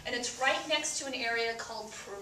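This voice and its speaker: A woman's voice: on the high side, brisk, echoey room, distant mic, noisy background. A woman performing stand-up comedy before a live audience, speaking with a stutter full of repeated sounds.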